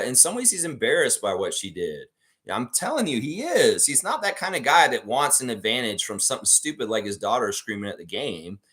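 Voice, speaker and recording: A man hosting a live fan stream in a casual, ranting way. His pitch swings widely as he gets worked up, and he swears freely. He repeats his points and reads viewers' comments aloud. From Canada. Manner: animated, swears a lot, repeats himself, reads chat aloud. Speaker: fan show host.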